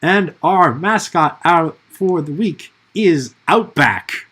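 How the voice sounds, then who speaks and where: A man's voice: fairly high pitch, animated, slow, a bit bright, husky. A man hosting a casual podcast chat, rambling and hesitant with many fillers. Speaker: podcast host.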